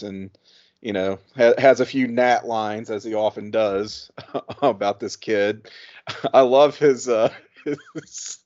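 A man's voice: lowish voice, fairly even intonation, unhurried, a little mellow, highs cut off. A man co-hosting a podcast, chatting casually and laughing often as he talks. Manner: amused, laughs often while talking. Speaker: podcast co-host. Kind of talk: casual chat recapping a TV episode.

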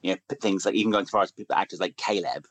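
Very deep-voiced man, dry humor. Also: very fast, a bit bright, slightly rough, no room sound, poor audio. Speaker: podcast co-host. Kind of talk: casual podcast chat.

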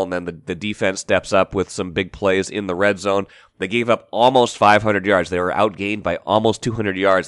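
Smooth low-voiced man analyzing football. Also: a bit bright, no echo, studio quality. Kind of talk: sports analysis commentary.

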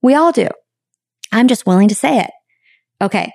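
A woman hosting a podcast, talking in a frank, reflective way with sudden high bursts of emphasis and some casual swearing. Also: animated, moderate pace, creaky, a little mellow, no echo, studio quality. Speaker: podcast host. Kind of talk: candid podcast monologue.

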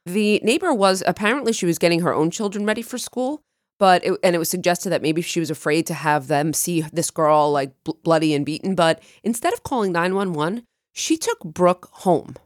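A woman co-hosting a true crime podcast, chatting and narrating a case with lively jumps in pitch when excited. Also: moderate pace, no room sound, clean studio sound. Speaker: podcast co-host.

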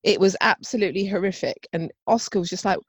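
A woman's voice: mid-range voice, fast talker, slightly rough, no room sound, lo-fi sound. A woman chatting casually, telling a family story with acted-out voices and laughter. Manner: animated storyteller, acts out voices, laughs often.

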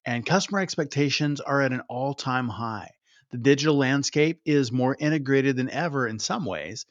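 Man, podcast host, energetic storytelling, mid pitch, dry muffled sound. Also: moderate pace, no echo. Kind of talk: podcast monologue.

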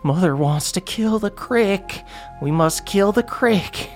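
A man voicing a fungal creature posing as a woman, chanting in a flat, insistent way. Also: high-pitched, slow, faint music behind, pitched above the performer's own voice, exaggerated voice. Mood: menacing. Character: eerie fungal copy of a woman, hive-minded.

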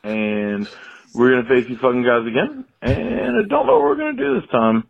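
A man's voice: mid-range voice, lively intonation, normal speed, creaky, slightly rough. A man leaving a rambling voicemail as a caller, swearing and self-pitying. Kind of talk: voicemail rant. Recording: tinny phone line.

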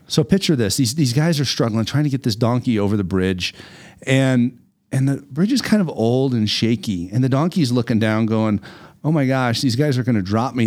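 Animated man telling a story. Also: mid-range voice. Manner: animated, repeats words while telling a story. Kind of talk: casual storytelling chat.

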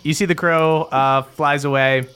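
A man's voice: on the high side, steady tone, measured pace, bright, forceful tone, clear, resonant tone. A man narrating as game master of a tabletop game, in a laid-back, chatty way with many fillers.

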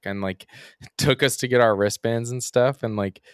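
This young man from Kentucky is a musician on a podcast, casually spinning meandering stories full of "like" and "um." Recorded dry and close with no echo, his lowish voice is clear and resonant, steady in tone, at normal speed.

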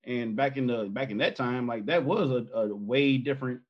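A man's voice: mid-range voice, moderate pace. A man guest on a podcast, telling a family story in a loose, rambling way full of fillers. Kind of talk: casual storytelling. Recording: muffled, husky-sounding audio.

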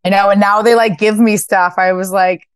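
A woman in her thirties, a fashion founder guesting on a podcast, telling stories casually and acting out quotes with bursts of high voices. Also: fairly even intonation, normal speed, smooth, no room sound. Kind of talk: casual interview storytelling.

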